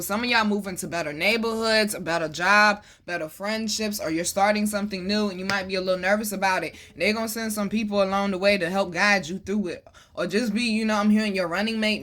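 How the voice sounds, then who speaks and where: A woman giving a casual tarot reading to her viewers, animated and preachy, calling them baby and boo and swearing freely. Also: mid-range voice. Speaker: tarot reader.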